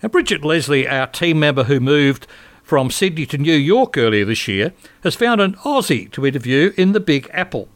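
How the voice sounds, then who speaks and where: A man presenting a scripted introduction to an interview, reading in a measured way. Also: on the high side, sing-song, no room sound. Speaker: radio presenter.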